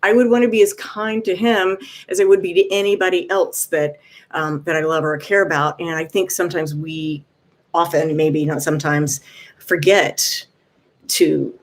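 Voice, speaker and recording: A woman vlogger giving gentle, encouraging advice in casual talk, often pausing with "um". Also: on the low side, steady tone.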